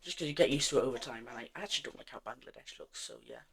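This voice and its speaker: A man's voice: mid-range voice, racing, vocal fry, breathy edge. A man narrating an alternate-history map in a casual, rambling way, full of fillers and offhand self-corrections.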